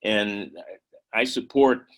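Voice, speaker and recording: An older man talks through his coaching days in a loose interview. He often restarts, repeating words, and stops to clear his throat. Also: lowish voice, fairly even intonation, slow, low-quality recording. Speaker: former major league player and coach. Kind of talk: conversational interview.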